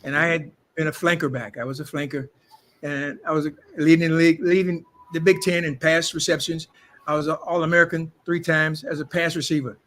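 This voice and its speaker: A man's voice: a little high, flat delivery, brisk, fairly bright tone. An older man, a former football player and actor, telling boastful stories in an interview and acting out what others said. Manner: boastful, acts out quotes of others. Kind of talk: animated storytelling interview.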